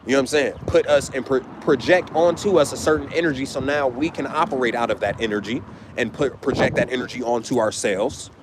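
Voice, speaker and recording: A man's voice: mid-range voice, a little fast, noisy background. A man, lecturing in a profane, rambling way, full of rhetorical questions. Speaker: online commentator. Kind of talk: casual monologue to camera.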